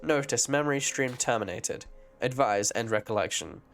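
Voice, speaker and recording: A man's voice: medium pitch, normal speed, fairly bright tone, soft background music, pitched below the performer's own voice, lightly acted. A man voicing a cold machine system voice that reads out clipped error announcements. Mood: flat.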